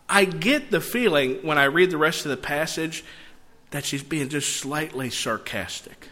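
Man, pastor, sermon, animated asides, fairly high voice, bright tone, long church-hall reverb. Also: normal speed. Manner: animated, conversational asides between readings. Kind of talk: sermon with scripture reading. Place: church sanctuary.

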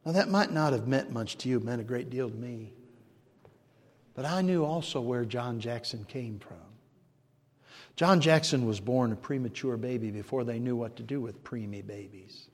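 An older man preaching a sermon, swinging from shouted declarations to hushed storytelling. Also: mid-range voice, normal speed. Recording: long reverb of a large hall.

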